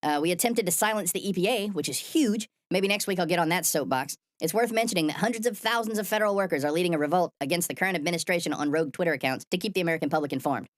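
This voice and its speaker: A woman rattles off satirical news commentary at a quick clip, sardonic and casually profane. Her delivery stays deadpan and dry, and the recording is close and dead, with no room sound. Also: on the low side, dry recording. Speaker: host.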